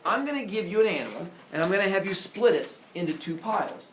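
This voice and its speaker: Brief: man doing a casual, blunt chief god; fairly high voice, classroom echo. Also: quick pace, recorded from a distance, a little hiss or hum. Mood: offhand. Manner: casual, bossy, deadpan threats. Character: bossy king of the gods, blunt and offhand. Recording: echoey classroom.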